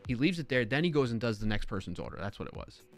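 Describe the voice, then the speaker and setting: A man hosting a live stream, telling a story in a casual, rambling way with lots of fillers and self-corrections, sounding baffled and animated. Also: medium pitch, fast, soft background music. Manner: incredulous, animated retelling.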